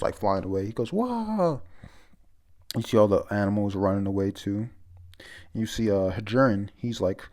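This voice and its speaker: A man's voice: on the low side, darkish tone. A man casually recapping a comic chapter as he reads, rambling with lots of fillers and self-corrections. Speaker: comic reviewer.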